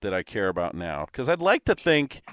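A man's voice: lowish voice, wildly swooping pitch, normal speed, fairly bright tone, no echo, studio quality. A man co-hosting a podcast, talking in a reflective, earnest way. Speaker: podcast co-host. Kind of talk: casual chat.

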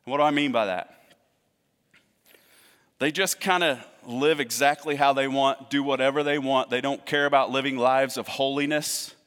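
A man preaching a sermon in a conversational way, swinging between loud emphasis and hushed asides. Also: medium pitch, fairly even intonation, moderate pace, smooth, long reverb tail. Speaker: pastor.

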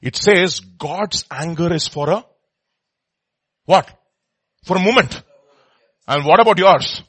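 A man teaching a Bible study, emphatic, repeating words and swinging between soft and loud. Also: high-pitched, slow pace, breathy edge, dry recording.

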